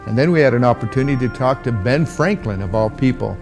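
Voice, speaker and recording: A man hosting a podcast, formal and measured in his questions. A faint bed of music runs under his voice. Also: medium pitch, lively intonation. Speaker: podcast host, interviewer. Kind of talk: scripted interview.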